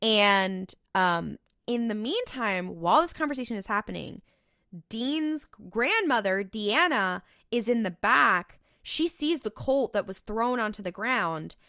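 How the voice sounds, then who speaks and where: Animated young woman recapping a show. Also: a little high, measured pace, no echo, clean studio sound. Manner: animated, recapping with playful voiced quotes. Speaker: podcast co-host. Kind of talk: casual rewatch podcast chat.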